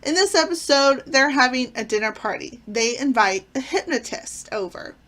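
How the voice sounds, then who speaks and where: A woman's voice: high-pitched, animated, moderate pace, pushed and bright. A woman casually reviewing favorite sitcom episodes, retelling plots with enthusiasm and frequent fillers. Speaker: channel host.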